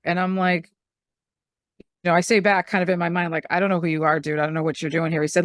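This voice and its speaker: A middle-aged woman, a medium and spiritual teacher, telling stories in a casual, animated way and acting out the voices she quotes. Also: on the low side, quick pace, dry recording, studio quality. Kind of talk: casual storytelling conversation.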